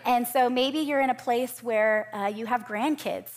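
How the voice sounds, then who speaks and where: Conversational woman preacher. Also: fairly high pitch. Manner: warm, conversational, self-deprecating with quick asides. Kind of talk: sermon.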